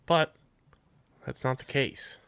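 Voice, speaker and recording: A man's voice: takes it slowly, a bit bright, no room sound. A man co-hosting a casual sports podcast, upbeat and jokey, reading sponsor spots in a hype voice. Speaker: podcast co-host.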